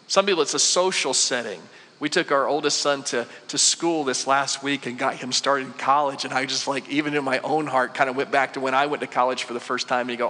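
A man's voice: mid-range voice, fairly quick, sharp tone. A man in his forties preaching a conversational sermon, asking the listeners questions and acting out what worried people say. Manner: conversational, acts out quoted voices, many rhetorical questions. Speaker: pastor. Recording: long hall reverb.

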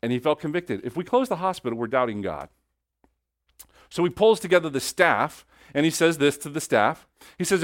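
An animated male preacher tells a story from the pulpit. His pitch moves freely, and his voice swings between hushed and loud. The sound is dry and close. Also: normal speed, no echo. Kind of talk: sermon storytelling.

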